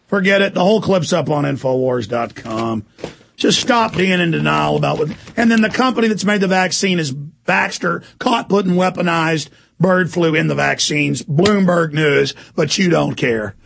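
A hoarse man hosting a talk radio show, with fiery, sarcastic rants and shouting outbursts. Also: a little high, moderate pace, a little hiss or hum. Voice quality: gravelly. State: hoarse from screaming. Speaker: radio host. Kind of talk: heated talk radio ranting.

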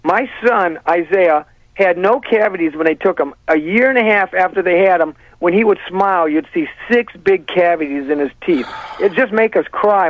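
Halting man on a muffled line. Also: high-pitched, no echo. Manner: halting, many restarts, earnest. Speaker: guest, parent and sheriff candidate. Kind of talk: talk radio interview.

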